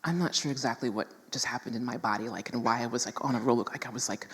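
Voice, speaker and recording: Low husky woman, animated emphatic storyteller, long hall reverb. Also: fast, few pauses. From New York City. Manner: animated, emphatic, laughs often. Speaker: speaker in a stage talk. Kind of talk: personal storytelling talk to an audience.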